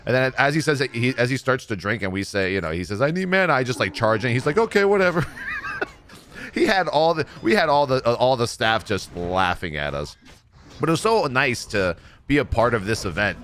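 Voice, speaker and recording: Bright-voiced man telling gaming stories. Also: mid-range voice, brisk, slight background noise. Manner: animated, jokey storytelling with mimicked quotes. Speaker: streamer. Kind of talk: casual gameplay commentary.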